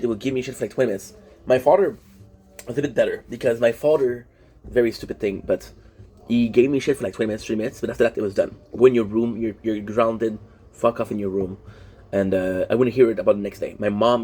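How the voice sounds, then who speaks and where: A young French-speaking man vents frankly to his vlog viewers in a fairly low, mellow, husky voice. It's a casual personal monologue, heavy on swearing, rambling, with sentences he keeps restarting.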